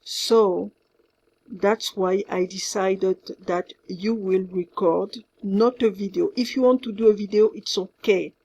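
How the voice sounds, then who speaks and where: A woman with a French accent giving recorded class instructions as a French teacher, in a slow, careful way that repeats itself and drops in French words. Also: medium pitch, fairly even intonation, a little mellow, breathy edge.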